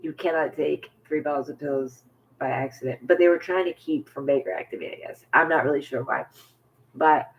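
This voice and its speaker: Man, gravelly voice, halting rambling storytelling, drops to near whispers, dull slightly noisy recording. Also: fairly high pitch. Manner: halting and rambling, full of fillers and restarts. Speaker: vlogger. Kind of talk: personal storytelling to camera.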